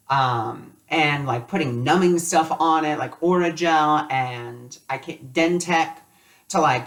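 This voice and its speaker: A man's voice: fairly high pitch, fairly bright tone, far from the mic. A man teaching a spiritual lesson in a loose, conversational way, telling personal stories with lots of casual fillers.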